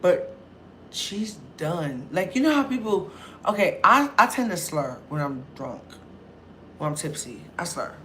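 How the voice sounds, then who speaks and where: A woman vlogger tells a story casually and with plenty of energy, her voice lowish and her pace measured, with slight background noise. She's animated, acts out other people's voices, and swears freely.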